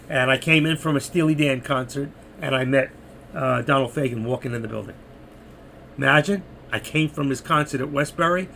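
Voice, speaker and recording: An older man with a thick New York accent talks his viewers through live trades, chatty and loose. His fairly high voice is gravelly and a little worn, as if he's losing it. A faint hiss sits under the recording. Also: fairly bright tone. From New York City. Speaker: trading live streamer. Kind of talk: live market commentary.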